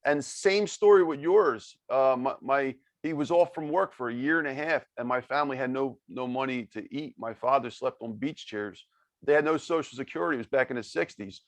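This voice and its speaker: A man from South Philadelphia hosting a video call podcast interview, friendly and halting, often repeating his words. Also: mid-range voice, no echo. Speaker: podcast host. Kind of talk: casual interview.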